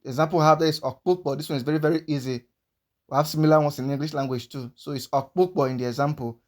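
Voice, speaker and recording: A man with a somewhat high-pitched voice gives a language lesson. He goes through the sounds one at a time and says each example word slowly, again and again, so it can be heard clearly. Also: fairly even intonation. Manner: slow, repeats each sound several times. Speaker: language teacher.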